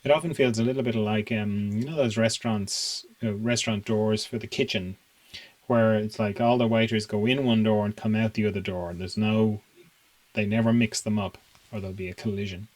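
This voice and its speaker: A man in a reflective spiritual monologue, musing aloud with many fillers and restarts and frequent soft laughs. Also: on the low side, steady tone, brisk, low-quality recording. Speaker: spiritual teacher.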